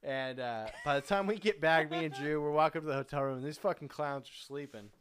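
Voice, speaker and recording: A man's voice: fairly high pitch, fast talker, fairly bright tone. A young man hosting a podcast, telling a rambling, profane party story with laughs mixed in. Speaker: podcast host. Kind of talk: casual storytelling.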